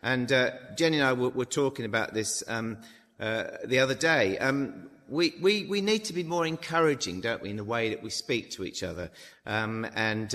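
Chatty preacher in a reverberant hall. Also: male voice, mid-range voice, fairly bright tone. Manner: conversational with many fillers and tag questions. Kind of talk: informal Bible talk.

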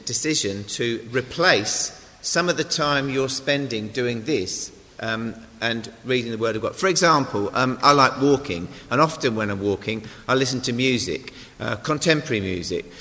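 A man's voice: mid-range voice, animated, unhurried, sharp tone. A man giving an informal sermon, chatty and self-deprecating, with asides to the congregation. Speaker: lay preacher. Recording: long hall reverb.

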